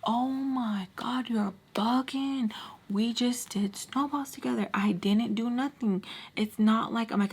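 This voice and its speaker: A young woman in her twenties telling a story to her camera, animated and full of slang, acting out what people said. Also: on the high side, measured pace, slightly rough. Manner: animated, acts out quotes, frequent slang and "like". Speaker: storytime vlogger. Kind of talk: casual storytelling.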